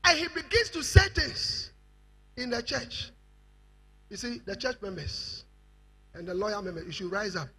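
A Ghanaian man preaches a fiery sermon in a high, piercingly bright voice. His tone carries a husky edge, and his pitch swoops widely. He pushes up into shouts. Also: expressive, normal speed, pauses often. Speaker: bishop preaching.

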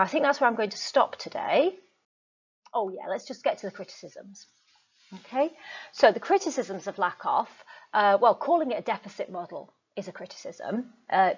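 A woman's voice: medium pitch, husky. A woman teacher giving a recorded lecture in a chatty way, with frequent ums and asides. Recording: dull lo-fi recording.

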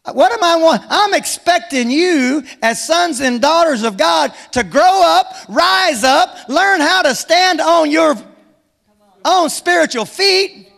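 Pastor guy, real high voice, joking and pushing the crowd, big church echo. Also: gravelly. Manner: animated, humorous, exhorting. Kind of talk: sermon.

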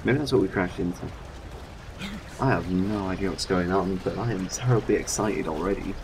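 Young guy chatting over a game, lowish voice, hiss in the background. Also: normal speed, creaky. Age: young adult. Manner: excitable, chatty, jokey. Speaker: let's play gamer. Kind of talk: gameplay commentary. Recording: steady background noise.

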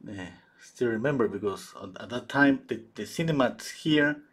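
Male painter, husky voice, halting live-stream chatter with many restarts. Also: mid-range voice, lively intonation, fairly bright tone. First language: Spanish. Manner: halting, searches for English words, many restarts. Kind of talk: casual chat while painting live.

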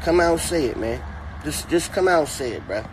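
A man's voice: a little high, fairly quick, noisy background. A man giving a profane, mocking comedic rant, talking from inside a car. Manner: mocking, animated, repetitive. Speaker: comedic commentator.

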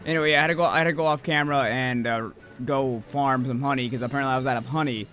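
A man's voice: mid-range voice, steady tone, fast, fairly bright tone, soft background music. A man casually commenting on his video game, swearing, joking and reading game dialogue aloud, sounding slightly sick. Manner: profane, jokey, reads game text aloud. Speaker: gaming video host.

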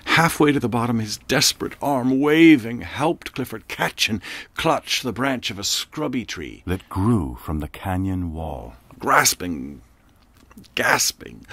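A man narrating an audiobook in a slow, measured, reflective way. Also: mid-range voice, a bit bright, no echo.

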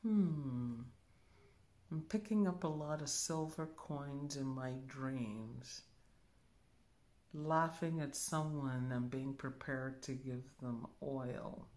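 A woman spiritual teacher giving a calm demonstration, musing aloud and humming softly as she thinks. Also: extremely low pitch. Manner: slow, musing, thinks aloud with soft hums.

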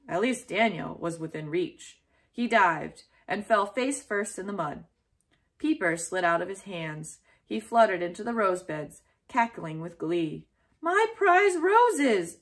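A woman reading a children's chapter book aloud in a clear, steady storytelling way. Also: lowish voice.

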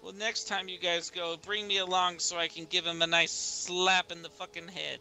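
A man with a very bright, ringing voice role-plays in a game, theatrical and swinging between loud excitement and hushed solemn lines. His voice sits a little high, with faint music playing behind him. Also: normal speed, creaky. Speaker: roleplaying torchbearer character. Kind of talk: improvised game role-play.

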